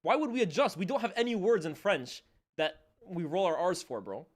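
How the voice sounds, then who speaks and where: Excitable young streamer man, slightly high. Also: brisk. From Canada. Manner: casual slangy chatter, loud reactions then quiet asides. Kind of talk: live match watchalong commentary.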